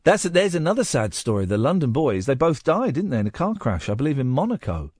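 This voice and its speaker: Animated, playful male radio host. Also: medium pitch, fast, husky, no room sound, studio quality. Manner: playful, teasing, rambling. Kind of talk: late-night radio chat. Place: radio studio. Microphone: studio microphone.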